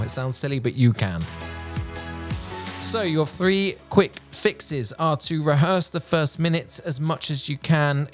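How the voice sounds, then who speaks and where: A man hosting a podcast on presenting, speaking with an energetic, projected voice and careful, clear enunciation into a studio microphone. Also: on the high side. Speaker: podcast host.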